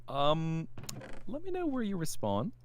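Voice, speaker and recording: A man chatting casually with a friend while they play a game, tossing out quick jokes and puns. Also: on the high side, wildly swooping pitch, slight background noise. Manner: joking, quick quips and puns. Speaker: co-player. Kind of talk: casual chat while gaming.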